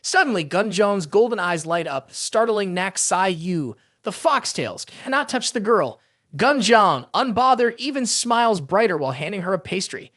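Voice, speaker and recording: A man with a high, bright voice narrates a fantasy recap, his pitch swinging freely from line to line. The sound is close and dry, with no room around it. He keeps a brisk, storytelling drive. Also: very animated, dry recording.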